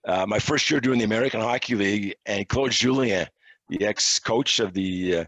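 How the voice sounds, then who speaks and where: A middle-aged man from Quebec, a podcast guest telling casual, self-deprecating stories in a relaxed way. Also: fairly low pitch, normal speed, dry recording. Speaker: interview guest, hockey officiating analyst. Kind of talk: casual storytelling.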